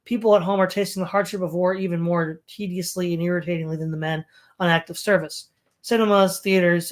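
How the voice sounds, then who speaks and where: A reader working through an old political essay in a measured voice of middle pitch. The reading is steady and plain, with occasional stumbles that get corrected on the spot, sometimes with a quick "sorry.". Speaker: audiobook reader.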